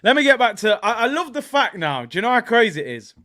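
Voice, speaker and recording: A young man hosting a live football watchalong, giving shout-outs to viewers and cheering loudly at goals. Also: very high voice, big pitch swings, quick pace. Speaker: watchalong host.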